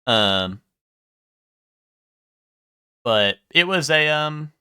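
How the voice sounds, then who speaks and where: A young man streaming live and chatting casually with his viewers, rambling, swearing freely and filling pauses with "um". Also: fairly high pitch, lively intonation, bright, forceful tone, clean tone, no room sound, clean studio sound. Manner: rambling, swears a lot, full of ums.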